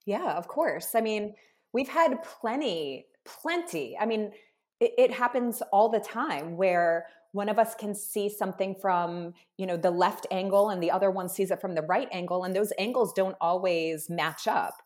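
Her mid-range voice has a darkish tone and a moderate pace. Interviewed in a warm, heartfelt conversation, this co-founder of a business talks with earnest emphasis and lays out her ideas as lengthy lists.

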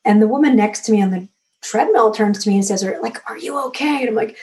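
A woman in her forties, an author guest, telling a personal story in a candid, emotional, animated way. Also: medium pitch, quick pace. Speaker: author and magazine editor, guest. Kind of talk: conversational interview.

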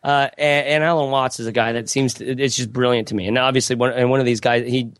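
A man's voice: medium pitch, fairly even intonation, fast talker, fairly bright tone, smooth, dry recording, clean studio sound. A man talking casually on a podcast, rambling and reflective, laughing often as he tells stories.

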